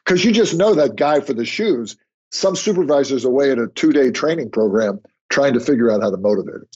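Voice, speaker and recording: Older guy telling work stories on a podcast, slightly husky, muffled lo-fi sound. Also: medium pitch, fairly quick. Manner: storytelling, animated when quoting others. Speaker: podcast guest. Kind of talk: conversational interview. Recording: muffled lo-fi remote audio.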